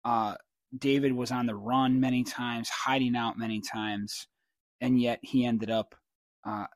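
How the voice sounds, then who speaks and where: A man's voice: mid-range voice, dry recording. A man giving an informal Bible teaching as a pastor, earnest and conversational, growing emphatic.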